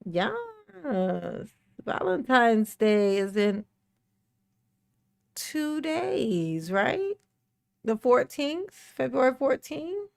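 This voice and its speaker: A woman's voice: sits high, very animated, drawn-out words, vocal fry, pauses often, a little mellow. A woman hosting a casual livestream, playfully greeting chat viewers by name and breaking into bits of song. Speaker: livestream host.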